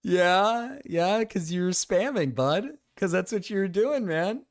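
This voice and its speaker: A man streaming, reacting to clips with loud, incredulous outbursts and laughter. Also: high-pitched, no echo, clean studio sound. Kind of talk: casual reaction commentary.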